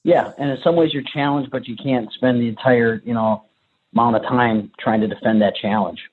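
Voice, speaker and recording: A man, a police trainer and podcast guest, telling stories in a lively, conversational way. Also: mid-range voice, fairly quick. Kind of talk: storytelling interview answers. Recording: tinny phone-like line.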